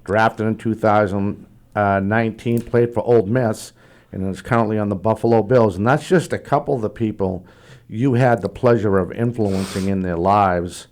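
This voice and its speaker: A man hosting a sports talk interview, friendly and a bit halting, often restarting his sentences as he asks questions. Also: on the low side, darkish tone. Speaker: podcast host.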